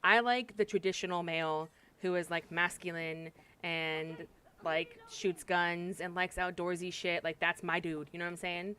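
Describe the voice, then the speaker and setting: A woman's voice: fairly low pitch, flat delivery, moderate pace, pushed and bright. A young adult woman streaming a game, telling stories in blunt, profane casual chat with frequent laughs. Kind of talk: casual chat while gaming.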